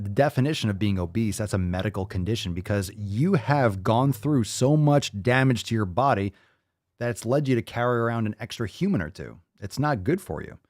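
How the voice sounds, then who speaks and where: A man hosting a livestream podcast, talking in a crude, loud and mocking way. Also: on the low side, no room sound, clean studio sound. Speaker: podcast host.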